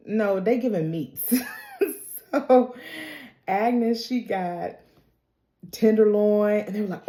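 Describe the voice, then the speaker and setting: A woman's voice: mid-range voice, unhurried, long pauses, warm tone, reverberant. A woman giving a casual recap of a TV episode, chatty and full of slang, laughing often. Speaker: TV recap vlogger.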